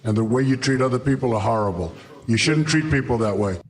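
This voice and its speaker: A man's voice: medium pitch, expressive, fast talker. A man faking an indignant caller through a voice changer. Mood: indignant scolding. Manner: scolding, accusatory. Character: scolding anonymous male caller, indignant.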